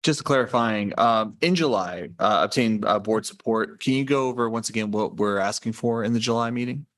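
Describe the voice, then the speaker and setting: A man's voice: on the low side, normal speed, fairly bright tone. Man chairing a board meeting. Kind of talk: public meeting discussion.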